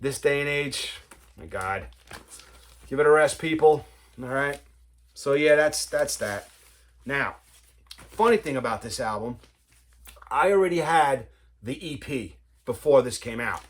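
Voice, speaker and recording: A man hosts a casual vinyl collector's vlog, rambling along with easy enthusiasm. His voice sits at an ordinary middle pitch. He pads his talk with friendly fillers like "you know, man.". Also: expressive, unhurried, long pauses. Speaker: vinyl collector, channel host.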